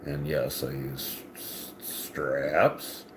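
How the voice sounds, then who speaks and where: A man's voice: deep voice, big pitch swings, unhurried, noisy background. Crude, joking man in an echoey room. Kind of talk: casual chat to viewers.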